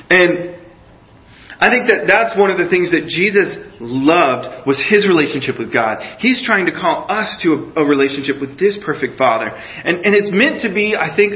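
Middle-aged male pastor with a higher voice, preaching in an animated, questioning way, dull lo-fi recording. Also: reverberant. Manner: animated, questions the audience, drops to a hushed voice in guided imagery. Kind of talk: sermon.

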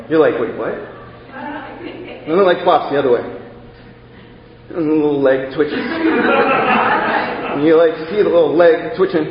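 A man preaching a sermon as pastor, telling stories in an animated way and breaking into excited exclamations. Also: fairly high pitch, measured pace, long pauses, reverberant, long reverb tail, muffled recording, crowd noise.

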